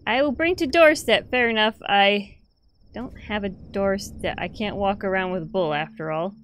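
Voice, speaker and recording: A woman gamer giving playful let's play commentary, swearing now and then and breaking into excited squeals. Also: medium pitch, moderate pace. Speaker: gamer playing a story game.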